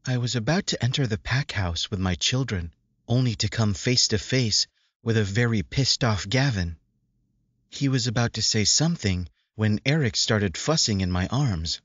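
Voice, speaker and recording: Man reading a romance audiobook, lowish voice, dry dull sound. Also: breathy edge, dry recording. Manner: steady measured reading of a female first-person narrator. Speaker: audiobook narrator. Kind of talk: audiobook narration of a romance novel.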